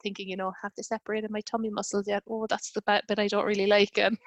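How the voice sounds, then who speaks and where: A woman's voice: medium pitch, flat delivery, fast, dry recording, highs cut off. A woman in her thirties telling a personal story in casual conversation, with lots of fillers and quoted dialogue.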